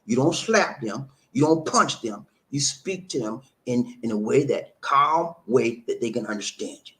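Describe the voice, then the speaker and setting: A man's voice: mid-range voice, unhurried. A man hosting a live stream, casually telling viewers a story, repeating words and acting out the dialogue. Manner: animated, repeats words, acts out quoted dialogue. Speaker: live-stream host reading viewer comments.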